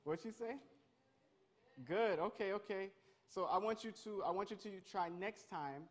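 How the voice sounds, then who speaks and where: A man leading an interactive Bible lesson, energetic and calling on his listeners. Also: high-pitched. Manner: energetic, calls on the crowd, quick restarts. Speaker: youth pastor.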